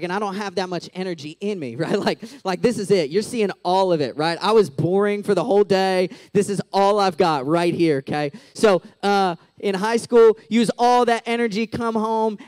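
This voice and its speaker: Animated high-voiced man preaching casually. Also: smooth, no room sound. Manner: chatty, animated, full of "like" and "right?". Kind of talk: casual sermon.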